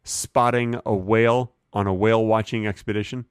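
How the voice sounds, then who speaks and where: A man co-hosting a comedy podcast, joking casually and sometimes dropping into a hushed, intimate voice. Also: lowish voice, fairly even intonation, moderate pace, smooth, no room sound, clean studio sound. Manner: playful, drops into a hushed intimate voice. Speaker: podcast co-host.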